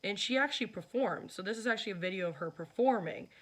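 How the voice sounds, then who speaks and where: Expressive and quick, the young woman's mid-range voice carries her vlog narration. She keeps it casual and teasing, with plenty of fillers.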